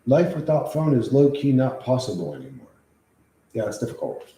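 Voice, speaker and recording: A man's voice: medium pitch, big pitch swings, moderate pace, mellow. A man chatting on a casual livestream, rambling and swearing freely as he reacts to chat. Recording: echoey room.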